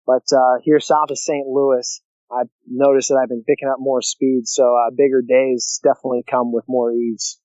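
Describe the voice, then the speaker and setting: A man's voice: mid-range voice, little pitch movement, moderate pace, few pauses, warm tone, dry recording. Laid back guy chatting about his trip, lots of uh's, muffled dull line, dry sound. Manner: easygoing, many fillers and restarts. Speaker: guest, long-distance canoeist. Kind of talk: casual interview over a remote line. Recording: dull lo-fi call audio, dry.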